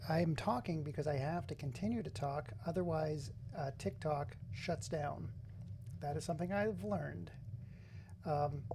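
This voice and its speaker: A man's voice: a little high, gravelly, noisy background. A man hosting a casual live stream, chatting to viewers and greeting them by name. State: runny nose. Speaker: livestreamer.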